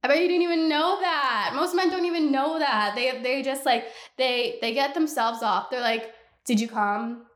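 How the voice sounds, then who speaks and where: A young woman hosting a solo podcast, ranting bluntly and with animated exasperation. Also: high-pitched, moderate pace, hardly any pauses, roomy sound. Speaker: podcast host.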